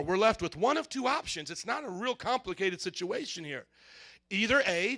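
A man pastor preaching a sermon, swinging from loud emphatic shouts to soft asides. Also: high-pitched.

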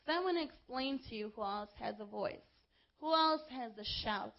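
A woman's voice: a little high, expressive, normal speed, creaky, muffled recording. A woman preaching a sermon to her congregation, speaking with passion and shifting into casual asides to the room. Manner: impassioned, rising to shouts when quoting crowds.

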